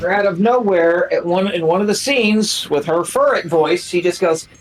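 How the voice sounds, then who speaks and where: A co-host on a game stream with a mid-range voice. Answers come short and dry, as deadpan quips. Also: mid-range voice, moderate pace, faint music behind, low-quality recording. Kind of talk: casual gaming stream chat.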